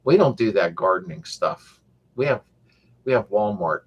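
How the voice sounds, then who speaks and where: Man, middle-aged, lowish voice, rambling, joking, reading comments on a live chat. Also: lively intonation, normal speed, breathy edge, dull audio. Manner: rambling, joking, reads viewer comments aloud. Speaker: host of a car restoration channel live chat. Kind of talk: casual live-stream chat.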